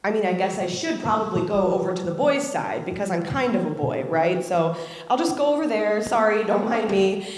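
A woman's voice: medium pitch, expressive, brisk, a little mellow. A woman in her thirties from Ohio, giving a candid, reflective personal storytelling speech at a community event. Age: 30s. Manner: candid, reflective, acts out quoted voices. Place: large event hall. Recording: echoey hall with long reverb.

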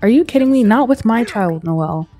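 A woman's voice: a little high, lively intonation, a little fast, dark tone, soft background music, voice pushed up, close to an everyday voice. A woman voicing an angry young father from a Sims game, scolding his partner.

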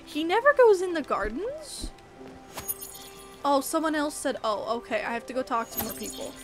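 Streamer woman, high voice, chatty gameplay talk over loud game music. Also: very animated, moderate pace. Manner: chatty, reads game dialogue aloud. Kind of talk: casual gameplay commentary. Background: background game music.

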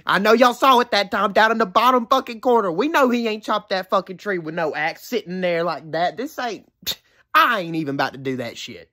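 A woman talks over video clips in casual commentary. She swears in disbelief and keeps laughing between remarks. Her pitch swings lively up and down. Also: brisk. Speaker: reaction video host.

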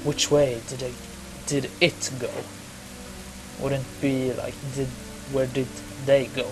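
A man's voice: mid-range voice, slow pace, over music, natural voice. A man reading a male villain king's lines from a video game in his own plain voice. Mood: taunting. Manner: reads lines flatly, barely acting. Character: menacing male villain king, grown man.

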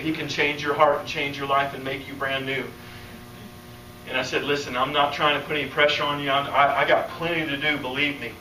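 An American man preaching a sermon, telling a healing story and acting out its dialogue, his voice climbing high as he gets excited. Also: slight background noise. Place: church or conference hall, live audience. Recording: echoey hall, voice from a distance.

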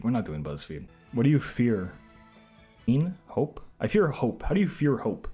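A man streaming himself taking online quizzes, reacting out loud with sarcastic, self-mocking commentary. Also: mid-range voice.

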